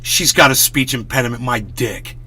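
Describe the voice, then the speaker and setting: A man's voice: mid-range voice, normal speed, bright, forceful tone, husky. A man hosting a live stream, ranting in a worked-up, swearing, casual way. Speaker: livestream host.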